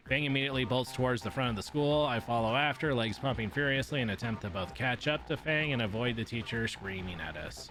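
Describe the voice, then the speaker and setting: A man's voice: mid-range voice, animated, brisk, few pauses, music in the background. A man streaming himself reading a visual novel aloud in a casual way, with swearing and offhand asides.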